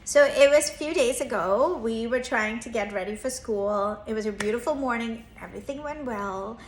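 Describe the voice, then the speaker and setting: Therapist mom in her 30s, kinda high voice, earnest and reflective storytelling, echoey room. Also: normal speed, a little hiss or hum. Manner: earnest, reflective, acts out quoted lines with raised pitch. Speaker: therapist and parenting coach. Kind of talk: personal storytelling vlog.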